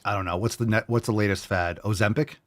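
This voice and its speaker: A man's voice: on the low side, steady tone, fast talker. A man hosting a fitness show in casual livestream chat, brash and joking, swearing freely.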